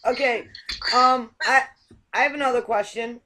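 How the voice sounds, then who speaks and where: High-pitched woman host asking rambling questions. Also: moderate pace, pushed and bright. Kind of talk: casual chat.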